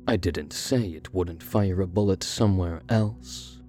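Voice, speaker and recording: A man's voice: low-pitched, unhurried, mellow, soft background music. An actor playing a sinister, giggling carnival showman in an audio drama, speaking in a gleeful, teasing way.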